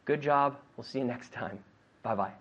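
His voice is mid-range and his speed normal. A native English speaker, he leads a classroom drill in an English lesson, repeating questions again and again with lively energy and performing both sides of the conversation.

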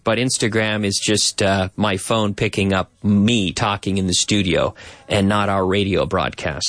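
In a studio, a radio host with a lowish, slightly bright voice chats and explains clips, dropping in Spanish translations as part of a bilingual show. The sound is dry.

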